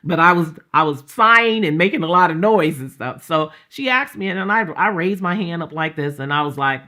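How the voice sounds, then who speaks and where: A middle-aged woman recounting her conversion story with a bright, clear voice. She tells it like a storyteller, acting out what others said, full of fillers and repeats, and lifts into loud fervent passages. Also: lowish voice, lively intonation, brisk. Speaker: guest sharing her faith testimony. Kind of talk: emotional personal testimony.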